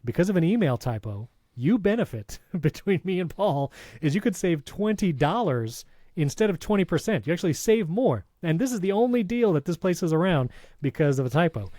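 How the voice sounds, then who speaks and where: A man's voice: high-pitched, big pitch swings, dark tone, no echo. A man co-hosting a tech podcast, chatting casually and reading a sponsor spot with enthusiasm. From Hispanic background. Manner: enthusiastic, reads sponsor spots with quick asides. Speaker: podcast co-host.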